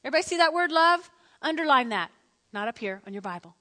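A woman preaching a sermon in a church, animated and repetitive, calling on the congregation to respond. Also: high voice, fast, big-room sound. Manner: animated, repeats phrases, asks the congregation to respond. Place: church sanctuary.

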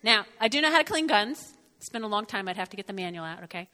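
A middle-aged woman from North Jersey with a New Jersey accent, giving an animated sermon and often checking in with her listeners. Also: medium pitch, quick pace, in a large hall. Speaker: speaker. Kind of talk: sermon with personal storytelling.

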